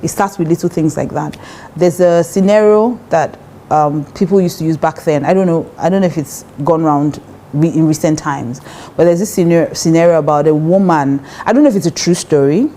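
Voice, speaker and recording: A woman's voice: low voice, brisk, mellow, slight background noise. A woman with a Nigerian accent giving relationship advice in a casual, emphatic talk, often acting out the voices of people she quotes.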